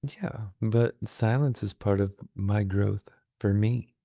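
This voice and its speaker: A man's voice: lowish voice, takes it slowly, warm tone, dry recording. A man in a casual chat with his wife, asking her questions, with dry, understated humor and few words. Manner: dry, understated, reluctant talker. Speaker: guest interviewer, host's husband.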